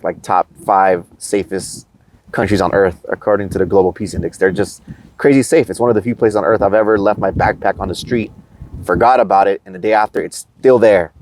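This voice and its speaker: A man's voice: fairly low pitch, darkish tone, slight background noise. A man from the United States, a podcast guest, chatting casually and with enthusiasm about travel.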